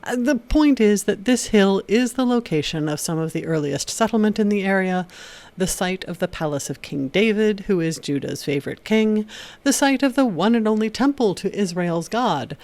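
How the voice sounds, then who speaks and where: A woman hosting an educational video, reading a scripted narration in a steady explanatory way with occasional wry asides. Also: medium pitch, moderate pace, no echo. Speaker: video essay host.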